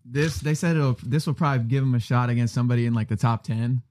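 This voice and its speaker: A man's voice: medium pitch, quick pace, darkish tone, no room sound, clean studio sound. A man in casual podcast chat who gives brief, matter-of-fact explanations.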